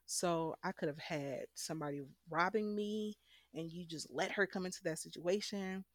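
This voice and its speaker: A young woman speaks frankly about her life, pressing hard on the points that matter to her. Her voice sits a little low. It is recorded close and dry, with no room sound. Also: moderate pace, no room sound. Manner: candid, emphatic, frank. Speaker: guest telling her story. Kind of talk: emotional personal storytelling.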